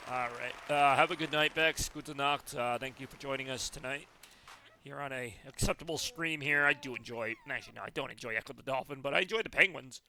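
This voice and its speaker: A man's voice: medium pitch, vocal fry, pushed and bright. A man streaming a game live, chatting casually with viewers, rambling and laughing often.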